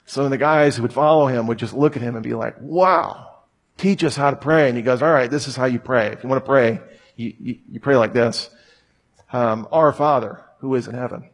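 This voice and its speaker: Man in his thirties, preacher, conversational sermon, storytelling with humor, mid-pitched voice. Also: fairly quick.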